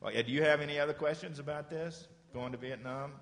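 A man giving a lesson to children in a patient, encouraging way, slowly repeating phrases for them to say back. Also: fairly high pitch, vocal fry, fairly bright tone, in a large hall. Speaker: teacher.

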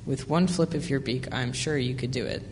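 A man's voice: mid-range voice, moderate pace, natural voice. A man reading a lazy, selfish turtle. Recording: long hall reverb, faint hiss.

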